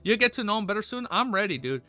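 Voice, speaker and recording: A young man streaming live and chatting casually with his viewers. He rambles excitedly, swears, laughs often and says he is overwhelmed and lightheaded. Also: high-pitched, fast talker, no echo. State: overexcited and lightheaded. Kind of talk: excited casual livestream chat.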